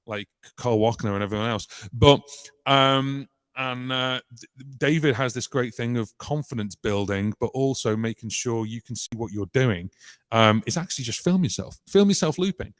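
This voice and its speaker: A British channel host explains looping during a laid-back live stream, his medium-pitched voice slightly bright and at normal speed, with no echo. He rambles chattily, often restarting and saying um, through a vocal mic into a vocal effects unit.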